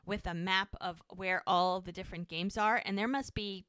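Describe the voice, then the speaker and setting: A woman talking casually on a podcast, recapping a show scene by scene. Her voice is bright and crisp, close and dry on the mic, and she slips into quick quoted lines along the way. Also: mid-range voice, no room sound. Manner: animated, quotes characters in quick bits, chatty asides. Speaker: podcast co-host recapping episodes. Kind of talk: casual chat, retelling scenes.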